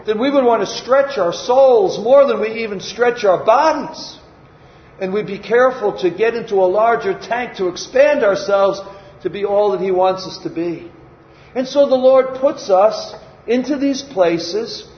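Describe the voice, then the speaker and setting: An older male preacher with a high voice gives a relaxed, folksy sermon, putting questions to the congregation as he goes. The sound is roomy and echoey, a little dull, with faint ambience behind.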